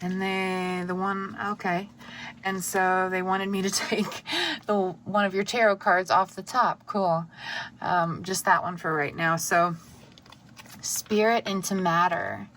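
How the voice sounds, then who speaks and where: A woman giving an intuitive tarot reading to camera, earnest and soft-spoken, with many pauses and fillers. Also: fairly low pitch, fairly even intonation, slight background noise. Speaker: tarot reader.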